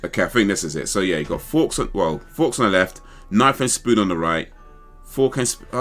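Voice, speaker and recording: A man's voice: sits low, animated, brisk, a bit bright, soft background music. A man hosting a casual livestream chat, rambling and thinking aloud as he second-guesses himself. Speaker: livestream host.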